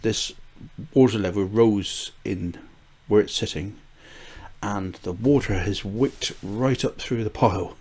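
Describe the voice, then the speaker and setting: A man's voice: fairly low pitch, slow pace, darkish tone, breathy edge. An older man from the UK rambling casually through a gardening vlog, with frequent fillers, restarts and small chuckles. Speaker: gardening vlogger.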